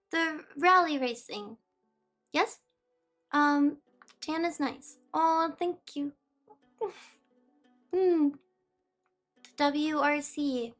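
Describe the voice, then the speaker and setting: A high-voiced woman livestreams, chatting casually with viewers and reading their messages aloud, but she often loses her train of thought. Soft music plays faintly in her warm indoor room.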